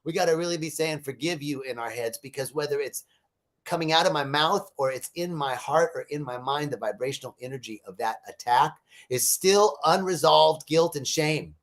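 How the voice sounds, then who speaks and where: Man, spiritual talk host, fairly high voice, animated, laughs often, casual live stream. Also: moderate pace. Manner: animated, laughing, tells jokes.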